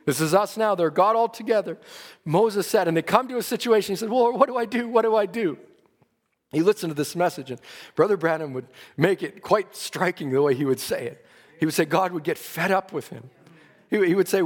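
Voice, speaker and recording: Man preacher, high voice, earnest sermon delivery, long church-hall reverb. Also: fairly quick. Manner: earnest preaching, rising and falling in emphasis.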